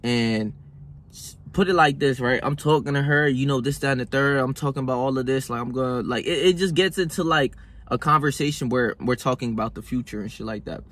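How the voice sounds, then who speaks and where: Husky, slangy young man ranting. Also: medium pitch, brisk, a bit bright. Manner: slangy, swearing, restless restarts. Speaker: vlogger. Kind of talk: casual motivational monologue. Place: hot room.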